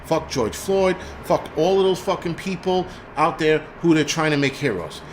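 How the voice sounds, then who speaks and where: A man's voice: fairly high pitch, moderate pace, slight background noise. Profane rambling man on a livestream. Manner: profane, rambling, frequent restarts. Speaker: livestream host. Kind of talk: casual livestream rant.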